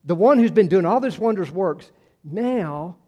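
A man's voice: high voice, lively intonation, measured pace, mellow. A man in his sixties preaching a sermon in a folksy, conversational way, repeating words and telling personal stories. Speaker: pastor.

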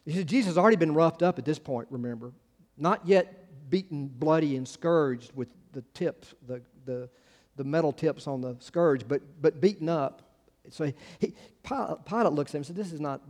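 A man preaches to his congregation in an earnest, halting way, restarting his phrases and then pressing hard on key words. His voice sits a little high for a man. The sound carries a long reverb from a church hall. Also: darkish tone. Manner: earnest, halting with many restarts, builds to emphatic peaks. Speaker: pastor. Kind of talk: sermon.

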